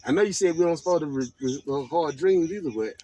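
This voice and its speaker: A man's voice: fairly high pitch, fast, mellow, muffled recording, slight background noise. A man telling a rambling dream story and turning defensive in a casual conversation inside a truck cab. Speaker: partner in a couple's argument.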